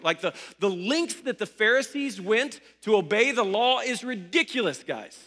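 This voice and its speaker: Bright-voiced young pastor in a reverberant hall. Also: male voice, high-pitched, sing-song, normal speed. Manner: conversational storytelling, joking asides. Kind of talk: sermon.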